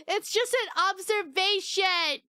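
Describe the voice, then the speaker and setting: High, bright-voiced excitable woman streamer. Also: dry recording, studio quality. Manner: excitable, giggly, chatty. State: sleepy. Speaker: game streamer. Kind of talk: casual live-stream commentary.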